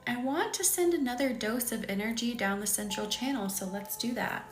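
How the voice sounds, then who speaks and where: A woman in her thirties hosting a live-streamed healing session, leading affirmations and stopping often to greet viewers in the chat. Her manner is gentle and chatty. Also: on the high side, moderate pace, few pauses. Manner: gentle, chatty, often breaking off to read comments. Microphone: computer mic on a live stream. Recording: echoey room with faint music.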